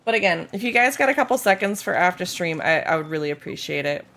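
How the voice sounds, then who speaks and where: A woman's voice: on the low side, animated, quick pace, a bit bright. A woman game streamer in casual live-stream chat, bubbly and playful as she talks to her viewers.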